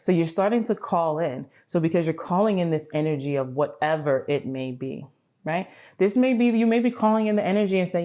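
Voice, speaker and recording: A woman hosting a podcast, giving an animated, casual motivational talk, swearing freely and checking in with "right?". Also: on the low side, brisk. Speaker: podcast host.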